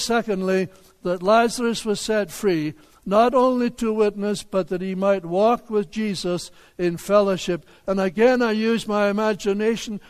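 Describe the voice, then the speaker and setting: An older man, a pastor, preaching a sermon in a deliberate, emphatic way, with rhetorical questions for the congregation. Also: high voice. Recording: long hall reverb.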